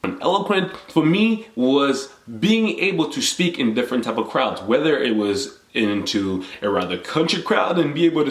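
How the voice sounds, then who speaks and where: With a sing-song lilt and mid-range pitch, a young French-speaking man from the DR Congo talks to camera at normal speed, barely pausing. His vlog is an earnest, reflective pep talk broken into numbered points, recorded in a roomy space.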